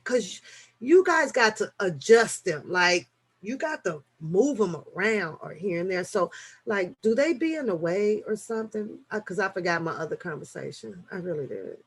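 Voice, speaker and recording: A woman's voice: medium pitch, breathy edge. A woman hosting a casual late-night live chat, answering viewers loosely, swearing freely and restarting her sentences often. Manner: animated, swearing, frequent fillers and restarts.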